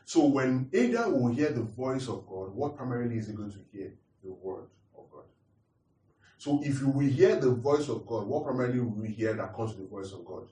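A man's voice: medium pitch, expressive, brisk, mellow. A man preaching a teaching sermon, repeating his points and asking the congregation questions. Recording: roomy echo, distant mic.

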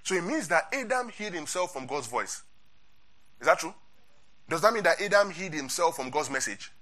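A man's voice: fairly high pitch, very animated, normal speed, sharp tone. A man preaching an interactive Bible sermon, asking his congregation questions and repeating key points.

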